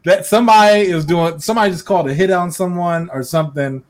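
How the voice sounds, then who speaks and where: A man co-hosting a casual podcast, joking and telling animated stories. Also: high-pitched, fast. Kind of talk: casual chat.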